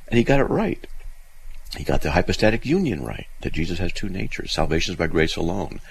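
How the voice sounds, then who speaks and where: A man hosting a call-in radio show, telling a story in a lively, animated way with many restarts. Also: low-pitched, a little fast, creaky, a little hiss or hum, poor audio. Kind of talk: casual call-in radio talk.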